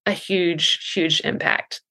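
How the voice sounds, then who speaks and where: Low-voiced woman explaining breathwork. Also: fairly even intonation, slow pace. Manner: thoughtful, explains with many ums and soft laughs. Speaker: breathwork coach. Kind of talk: podcast interview.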